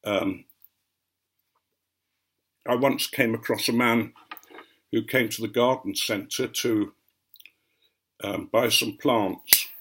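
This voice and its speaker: Husky English-accented man rambling. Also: mid-range voice, steady tone, fairly bright tone. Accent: mostly received English, light Norfolk. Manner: unhurried storytelling with frequent ums. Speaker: vlogger. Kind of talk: rambling anecdotal chat to camera.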